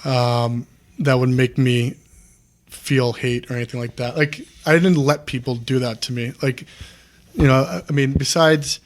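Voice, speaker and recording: A man's voice: medium pitch, steady tone, measured pace. A man in his thirties, a former wrestler, talking candidly as a podcast guest in a rambling, earnest way full of restarts. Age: 30s.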